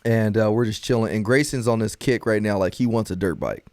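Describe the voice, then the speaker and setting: A man's voice: on the low side, fairly quick, a little mellow, no echo, clean studio sound. Sex: man. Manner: laid-back, calls everyone "bro". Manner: laid-back storyteller who keeps saying "bro". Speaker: podcast co-host. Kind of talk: casual podcast chat.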